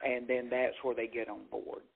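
Here a stand-up comedian from Jackson, Mississippi, heavy Southern accent and all, talks at a normal clip with a gravelly, husky mid-range voice. He's an animated storyteller in an interview, performing the quotes he recounts, heard through thin, phone-like sound.

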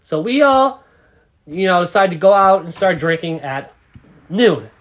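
A man's voice: high voice, sing-song, measured pace. A young man casually telling a rambling, profane story as a podcast co-host.

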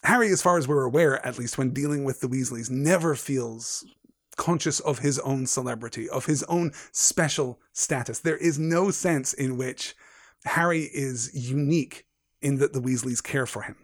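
In clean studio audio without echo, a man hosts a book-discussion stream with literary discussion and read-aloud. Speaking at normal speed in a mid-range voice, he stays articulate in full sentences but frequently repeats words while working toward a point.

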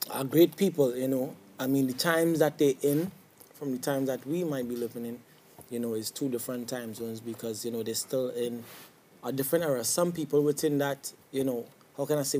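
Man, Trinidadian accent, soca artist guest, rambling, mellow voice, TV studio. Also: medium pitch, a little fast, slight background noise. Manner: rambling, keeps asking "you understand". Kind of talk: casual interview chat.

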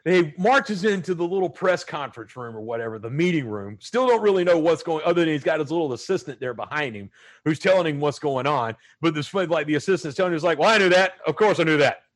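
A man hosting a casual podcast movie review, animated and prone to goofy impressions. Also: a little high, quick pace. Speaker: podcast host.

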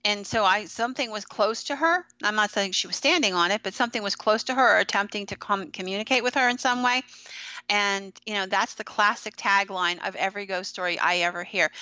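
Female podcast host, bright tone, dry muffled sound, confident explainer. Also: medium pitch, a little fast, dry recording. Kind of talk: casual chat about ghost stories.

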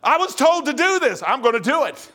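A man's voice: very high voice, very animated, fairly quick, pushed and bright, pitched above the performer's own voice, full character voice. A man voicing a boastful ancient king who talks in a folksy, slangy, emphatic way, as part of a sermon. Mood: eager, boastful. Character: boastful ancient male king, brash and casual.

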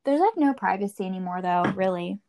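A woman in casual chat, playful and quick to laugh. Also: mid-range voice, animated, a little mellow, a little hiss or hum.

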